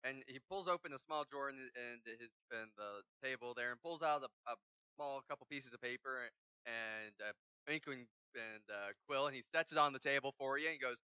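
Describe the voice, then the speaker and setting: Bright-voiced man running a tabletop game. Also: medium pitch, fairly quick, clean tone, no room sound, highs cut off. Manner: relaxed narration with many fillers and restarts. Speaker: game master.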